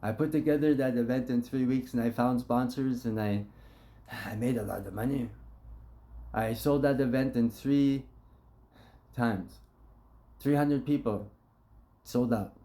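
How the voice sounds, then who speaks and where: A blunt man with a mid-pitched voice speaks straight to his supporters. He tells an impassioned story with profane language, acting out each conversation. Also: unhurried, long pauses, warm tone. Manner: blunt and profane, acts out quotes.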